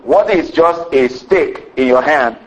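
A man preaching a sermon to a congregation, calling for amens and rising to excited shouts. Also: on the high side, takes it slowly, muffled recording. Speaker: pastor.

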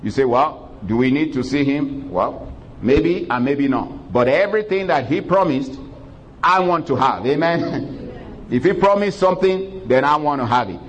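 A pastor preaching a sermon in a church, praying aloud, calling for amens and reading scripture in old-fashioned wording. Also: male voice, fairly high pitch, expressive, dull audio. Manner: preacherly, drawn-out calls of praise and call-and-response.

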